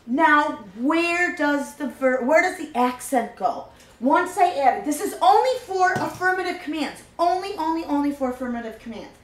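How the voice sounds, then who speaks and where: A woman talks a class through a grammar lesson, repeating the key rule until it sticks. Her voice sits high and her pace stays slow and deliberate. The recording carries a roomy echo. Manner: patient, repeats key points, walks through steps. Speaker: Spanish teacher.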